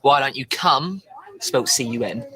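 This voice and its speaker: Brash British teen schoolboy, crude and boastful, bright tone. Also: male voice, mid-range voice, animated, a little slow. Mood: smug.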